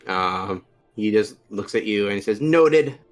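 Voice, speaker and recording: A man's voice: lowish voice, flat delivery, moderate pace, a bit bright, faint music behind. A man narrating as game master in loose, casual speech full of filler words.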